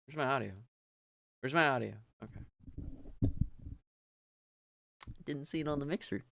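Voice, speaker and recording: A man's voice: mid-range voice, vocal fry, bright, forceful tone. A man streaming himself reading a book aloud, stumbling over hard words, retrying them and swearing casually. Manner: slow, halting read-aloud with stumbles, retries and casual swearing.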